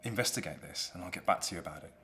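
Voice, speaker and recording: A sly young nobleman who plots behind a show of concern, voiced by a man. Smooth and low, the scheming villain of a storybook play. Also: very fast, pushed and bright.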